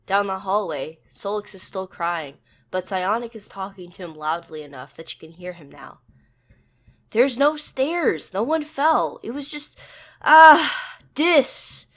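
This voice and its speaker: Woman narrating a story in low tones. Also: a bit bright. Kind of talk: second-person fanfic narration.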